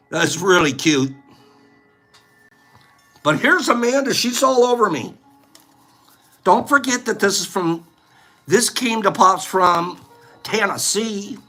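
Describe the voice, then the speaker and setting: A man chatting casually on his own stream in a high, bright voice that swings widely in pitch. He takes his time and rambles playfully, laughing easily. Soft music plays faintly behind him. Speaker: host. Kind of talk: casual livestream chat.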